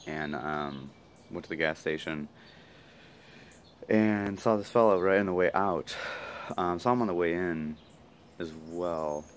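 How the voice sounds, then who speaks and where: A man talking casually to his camera, rambling fast with many fillers and asides. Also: low voice, clear, resonant tone. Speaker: vlogger. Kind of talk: casual reflective monologue.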